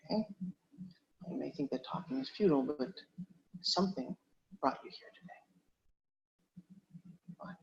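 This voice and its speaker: A man rehearsing script lines aloud, repeating each line in a gentle counseling tone. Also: on the high side, animated, normal speed, gravelly, pauses often, breathy edge. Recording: dull lo-fi recording, faint background noise.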